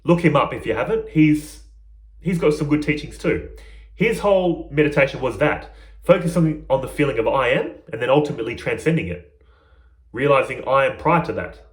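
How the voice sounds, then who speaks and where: A man's voice: mid-range voice, expressive, normal speed, echoey room. A man giving an informal, earnest spiritual lesson to his viewers in a conversational way. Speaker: spiritual teacher.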